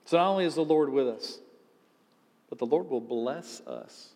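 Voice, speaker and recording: Conversational pastor preaching in echoey hall. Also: male voice, medium pitch, lively intonation, normal speed, a little mellow. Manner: conversational, rhetorical questions. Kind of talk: sermon.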